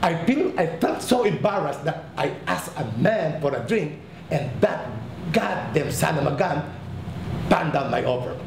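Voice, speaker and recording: A man's voice: a little high, expressive, unhurried, vocal fry. A man in his sixties from the Philippines, telling his life story candidly and with profanity, often stammering over restarts. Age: 60s. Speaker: documentary subject. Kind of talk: personal storytelling. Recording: echoey room with background noise.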